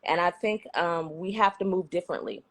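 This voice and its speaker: A woman from the San Francisco Bay Area, chatting in a relaxed, thoughtful way during a street interview outdoors. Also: fairly low pitch, fairly quick.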